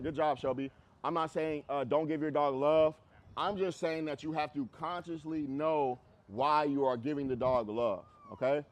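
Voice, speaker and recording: A man teaching a group dog training class, talking bluntly and casually and repeating phrases for emphasis. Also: on the high side. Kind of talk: group class instruction outdoors.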